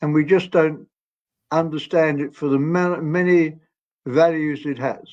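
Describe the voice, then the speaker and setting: Man in his 80s, guest storyteller, higher pitch, meandering and genial, dull lo-fi sound. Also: fairly even intonation, measured pace. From England. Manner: gentle, rambling, laughs often. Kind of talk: storytelling interview. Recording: dull lo-fi audio.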